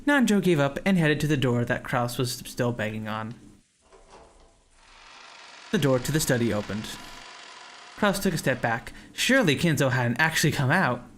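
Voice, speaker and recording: A man streamer reading a visual novel aloud in an even, measured voice. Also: medium pitch, slight background noise. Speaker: streamer and narrator.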